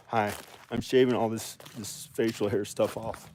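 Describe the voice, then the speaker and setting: A man in his forties with a somewhat low voice. He talks in a loose, rambling way, circling back over the same phrases and restarting his sentences as he goes. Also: fairly even intonation, a little slow, darkish tone, slight background noise. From American South. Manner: meandering, repeats phrases and restarts often. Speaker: vlogger. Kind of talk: rambling casual vlog monologue.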